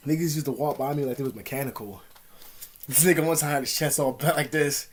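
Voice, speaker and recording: A man's voice: fairly high pitch, fast talker. A man ranting casually to camera in rambling, profane slang. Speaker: vlogger.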